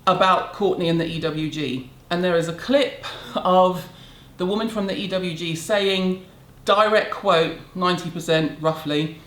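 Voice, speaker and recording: A woman's voice: lowish voice, unhurried, few pauses, a bit bright. A middle-aged woman with a British accent, ranting bluntly and sarcastically to camera in a casual beauty vlog. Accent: British English. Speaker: beauty vlogger. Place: home room in a city. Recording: roomy echo.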